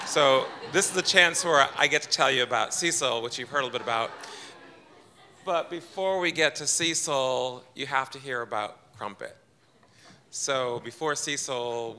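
A man with a very bright, ringing voice tells a personal story to a live audience. He is chatty and self-deprecating, and he slips into quoted lines of dialogue in his own voice. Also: mid-range voice. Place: event room with audience.

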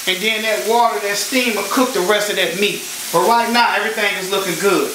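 In his echoey kitchen, a man hosts a home cooking show, chatting casually and guiding the viewer through each step. His voice is high and a little fast. The mic is far away, and frying and sizzling from the pan fill the background.

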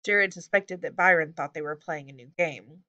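Bright-voiced woman narrating a storybook. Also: sits low, normal speed, muffled recording. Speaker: audiobook reader.

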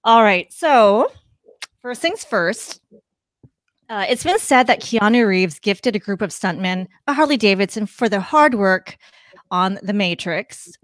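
A woman hosting a casual interview, bubbly and quick to laugh. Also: mid-range voice, expressive, no echo, studio quality. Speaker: podcast host.

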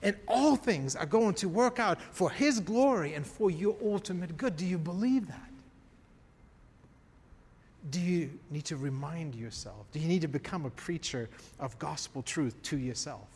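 A man preaching a sermon as pastor, emphatic, swinging from quiet to raised. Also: a little high, animated, a little slow, slightly rough, big-room sound. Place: church.

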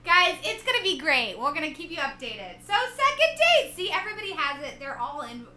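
A woman's voice: very high voice, very animated, fairly quick, pushed and bright, reverberant, a little hiss or hum. A woman guest chatting casually with a friend, teasing and playful. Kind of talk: casual chat.

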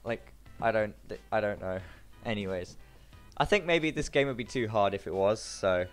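A man chatting casually while co-playing a video game, excitable and quick to yelp and laugh. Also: on the low side, faint music behind. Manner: excitable, yelps and laughs at mishaps. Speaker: gamer co-playing a prison game. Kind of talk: casual gaming chat.

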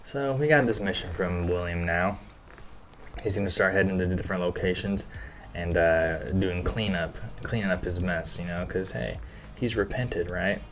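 A man's voice: sits low, moderate pace. A man hosting a casual episode breakdown, talking loosely with lots of fillers and casual swearing. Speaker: show recap host.

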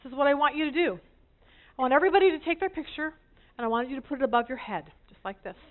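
A woman teaching a women's Bible study group, an animated storyteller with self-deprecating humor. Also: high-pitched, rapid-fire. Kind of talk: lively teaching talk to a group. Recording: tinny phone-like sound.

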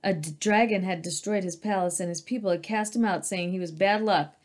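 A woman voicing a kind stone mother lion who gently scolds and explains. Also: medium pitch, fairly even intonation, brisk, lightly acted. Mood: serious. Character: kindly mother lion, a stone guardian statue.

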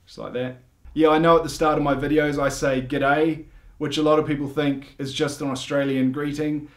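A man with a New Zealand accent presenting a mock instructional comedy video in a deadpan manner, hesitating often. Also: on the high side, a little fast. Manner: deadpan, hesitant with many ums. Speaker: comedy vlogger, dad.

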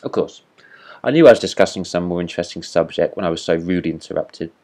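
A man's voice: deep voice, fast talker, darkish tone. A man voicing a pompous, vain talking firework rocket in a read-aloud storybook, haughty and indignant. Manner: haughty, self-important, indignant.

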